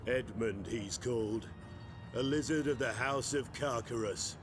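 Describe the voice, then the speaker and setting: An actor playing a haughty, contemptuous aristocratic knight in a video game, with a theatrical delivery over game music. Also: male voice, medium pitch, measured pace, close to an everyday voice. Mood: scornful. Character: scornful aristocratic male knight, disdainful. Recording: game audio with music behind.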